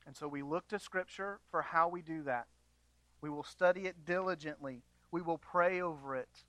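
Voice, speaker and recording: Earnest male pastor, bright and dry. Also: a little high, moderate pace, dry recording, poor audio. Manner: earnest preaching, swings between quiet and emphatic. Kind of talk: sermon.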